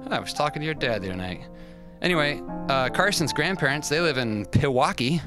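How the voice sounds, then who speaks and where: A man's voice: medium pitch, expressive, fairly bright tone. Rambling man hosting over background music. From US West Coast. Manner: rambling, halting, self-deprecating, with many fillers. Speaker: livestream host. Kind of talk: casual livestream hosting, reading fan mail. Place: restaurant.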